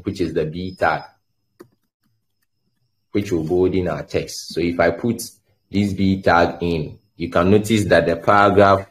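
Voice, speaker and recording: In a screen-share tutorial, a man with a very deep voice teaches coding without rushing. His delivery is halting, with repeated words, as he thinks aloud while typing and running his examples.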